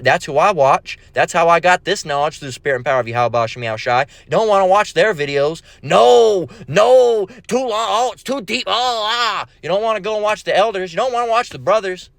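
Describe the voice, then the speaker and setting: A man's voice: a little high, fairly bright tone, dry recording. A man preaching a profane, mocking rant, quoting scripture and stammering in repeats. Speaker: religious video preacher.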